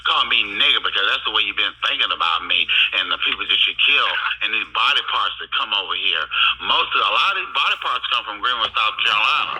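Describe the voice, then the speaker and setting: Insistent, accusatory man with a bright edge. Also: on the low side, lively intonation, quick pace, a little hiss or hum, low-quality recording. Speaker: caller. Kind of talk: heated phone call.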